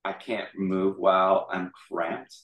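A whiny prophet full of self-pity, put on by a man during a lesson. He complains in a mock-dramatic tone. His low voice echoes around a room, heard from a distance. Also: steady tone, slow, a bit bright. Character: complaining, self-pitying male prophet in distress. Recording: echoey room, mic far off.

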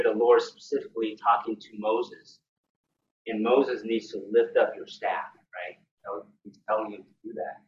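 A man leading a Bible study, who talks haltingly and keeps checking in with his listeners. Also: on the low side, a little hiss or hum. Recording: echoey, dull, distant room recording.

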